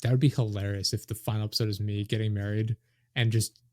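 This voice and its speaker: A man's voice: lowish voice, steady tone, quick pace, a little mellow, no echo, clean studio sound. A young adult man hosting a podcast, chatting loosely and jokingly with lots of fillers. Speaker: podcast host. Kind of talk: casual podcast chat.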